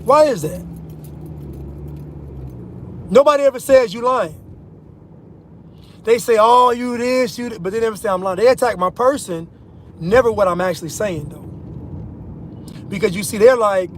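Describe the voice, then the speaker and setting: An American man with a fairly high voice talks straight to his viewers from the driver's seat of a car. He hammers his points and repeats them over and over. A faint hum of road noise sits underneath. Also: normal speed, long pauses. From United States. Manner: emphatic, repeats points, addresses viewers as "y'all". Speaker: vlogger. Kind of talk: opinion monologue to viewers. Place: in a car while driving.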